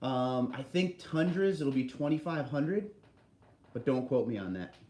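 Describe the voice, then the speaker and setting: A man's voice: medium pitch, measured pace, slight background noise. Guy from new jersey hosting a livestream, reads chat, friendly, echoey room. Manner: friendly, greets viewers by name, relaxed banter. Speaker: livestream host reading viewer chat. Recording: roomy echo.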